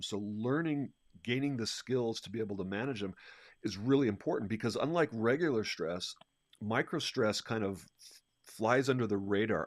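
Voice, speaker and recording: A man who is a leadership coach, talking in an energetic, animated way and restarting his sentences often. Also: lowish voice, no echo. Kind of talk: conversational podcast discussion.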